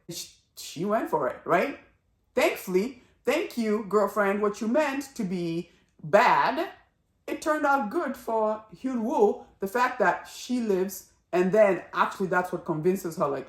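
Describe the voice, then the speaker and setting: A woman giving a casual spoken review of a drama series, chatty and animated, acting out characters' lines as she goes. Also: lowish voice, a little slow, roomy sound.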